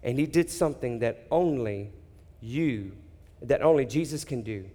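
A man preaching a sermon, dramatic, acting out people's reactions and dropping to hushed emphasis. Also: mid-range voice, lively intonation, measured pace, long reverb tail. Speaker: pastor.

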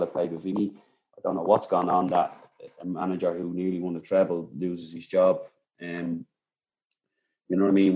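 A man's voice: low voice, dark tone, dull audio. A man with an Irish accent, a former footballer chatting and telling stories as a podcast guest. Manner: chatty, laughing storyteller. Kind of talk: casual chat, anecdote.

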